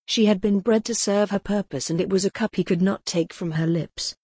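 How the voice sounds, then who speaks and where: A woman narrating a gothic novel in a steady, measured audiobook reading. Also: mid-range voice, slightly rough, no room sound, clean studio sound.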